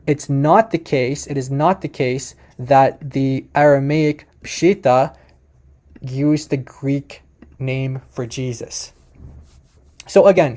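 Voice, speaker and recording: A man's voice: fairly high pitch, warm tone. A man hosting a reaction video who talks casually over it and is emphatic when he corrects the claims in it.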